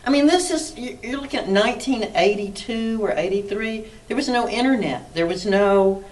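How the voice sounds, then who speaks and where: A middle-aged woman from the South, an author telling animated anecdotes in an interview, acting out dialogue and laughing often. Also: medium pitch, moderate pace. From Mississippi, US South. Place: arts council interview room. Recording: distant mic with faint background noise.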